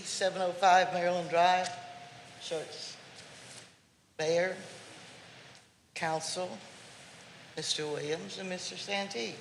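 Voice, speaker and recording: A woman's voice: fairly low pitch, creaky, slight background noise. A woman telling a folksy, playful story during public comment at a city council meeting, in an echoey chamber. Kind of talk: storytelling at a podium.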